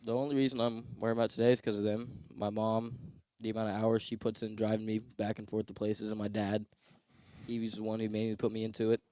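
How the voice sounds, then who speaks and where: A teenage boy from Ohio, a high school wrestler answering interview questions in a plain, modest way. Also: little pitch movement, quick pace, warm tone, no echo. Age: teens. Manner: plain, modest, matter-of-fact.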